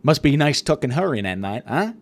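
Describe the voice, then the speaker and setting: A man's voice: medium pitch, big pitch swings, brisk. A man voicing a sleazy middle-aged mobster with a smarmy, leering manner.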